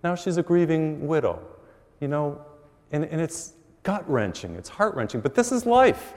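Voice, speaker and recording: Middle-aged priest preaching in a reverberant church. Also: male voice, on the high side, moderate pace. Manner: animated storytelling with acted quotes. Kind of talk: sermon. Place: large church.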